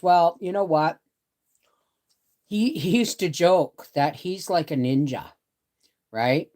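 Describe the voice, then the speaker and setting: A woman's voice: deep voice, a little mellow. A middle-aged woman chatting casually on a live stream from her bed, rambling and greeting viewers by name. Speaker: homestead channel host. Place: bedroom, in bed.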